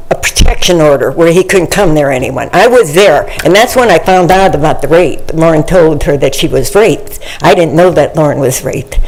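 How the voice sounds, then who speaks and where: A woman's voice: deep voice, darkish tone, rough recording. An older woman giving earnest personal testimony during a public comment period, often repeating words and phrases for emphasis, speaking into a podium microphone in a county meeting chamber.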